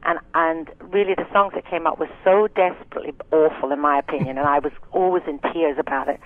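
A woman's voice: low-pitched, fairly even intonation, fast, no room sound. A woman in her sixties from Scotland, a singer and actress telling frank, chatty stories with many asides in a casual interview. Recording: tinny phone line, dry.

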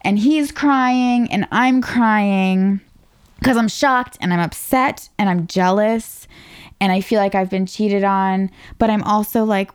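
Smooth and unhurried, at a medium pitch, this voice comes from a twenty-something interview guest from Northern Virginia, USA. She shares personal stories from her past casually, poking fun at herself and often saying "like."

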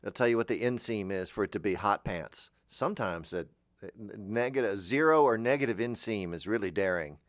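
A middle-aged man riffs through a meandering comic monologue, poking fun at himself as he goes. His pitch swings widely, often leaping up for quick silly voices. The sound is close and dry, with no room around it. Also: lively intonation, no room sound. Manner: meandering, self-mocking, breaks into silly voices. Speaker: comedy show host.

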